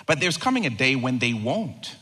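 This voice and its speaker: A man preaching a sermon as pastor, animated, acting out quoted lines and swinging from loud to hushed. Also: medium pitch, normal speed, husky. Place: church sanctuary. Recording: long reverb of a large hall.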